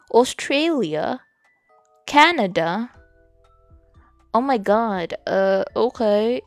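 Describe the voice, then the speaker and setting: A woman's voice: a little high, lively intonation, slow, pauses often, no room sound, soft background music. A woman streaming as a VTuber, chatting casually and giggling as she studies. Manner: chatty, mixes languages, giggly asides. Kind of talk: casual study stream chat.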